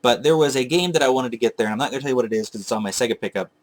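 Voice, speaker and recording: Man, mid-pitched voice, casual vlog storytelling, chatty, digressive, self-correcting. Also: very fast. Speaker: retro game collector vlogger. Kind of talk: casual rambling storytelling to camera.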